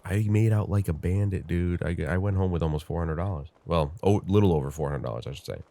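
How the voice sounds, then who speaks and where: A male gaming host with a deep, mellow, congested voice talks fast over his gameplay, rambling casually and thinking aloud with plenty of fillers. The recording is dry, with no room sound.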